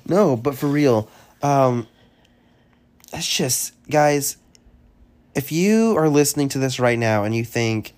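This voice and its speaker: A man hosting a comedy podcast, boasting about his soothing voice in a deadpan, drawn-out way. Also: a little high. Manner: deadpan self-praising, drawn-out phrases. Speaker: podcast host.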